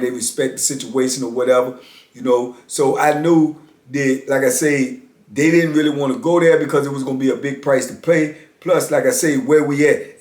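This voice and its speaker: A man's voice: mid-range voice, darkish tone. A man in his fifties casually telling a story from his own life, laid-back and conversational. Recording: roomy echo.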